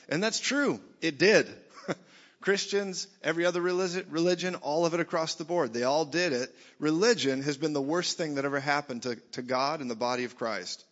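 A man's voice: fairly high pitch, normal speed. Man preaching in a reverberant hall. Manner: lively, joking, rising to shouts. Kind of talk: sermon. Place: church meeting hall. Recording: dull sound in a reverberant hall.

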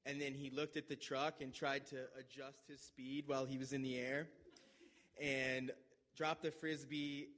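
A man casually retelling a friend's injury in a measured, dry way. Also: medium pitch, a bit bright. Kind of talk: casual storytelling.

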